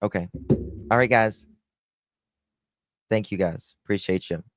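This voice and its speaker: Low-voiced male stream host, blunt and sarcastic, cusses freely, dry close sound. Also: a little slow, dry recording. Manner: blunt, sarcastic, swearing, chatting to viewers. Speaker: live-stream true-crime host. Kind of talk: casual live-stream commentary.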